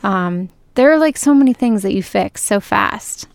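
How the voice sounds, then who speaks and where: A woman's voice: mid-range voice, animated, normal speed. A woman hosting a casual podcast, talking effusively with many "like" fillers. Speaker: podcast host and juice bar owner.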